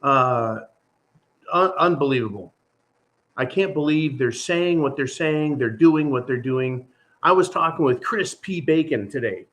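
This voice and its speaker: A man's voice: medium pitch, lively intonation, a little slow, a bit bright. A man hosting his own channel, talking through a casual, rambling monologue in an exasperated, sarcastic way. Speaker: channel host.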